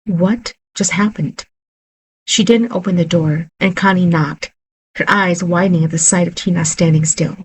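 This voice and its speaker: A woman narrating a horror story in a steady, unhurried reading voice. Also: on the low side, a little hiss or hum, poor audio.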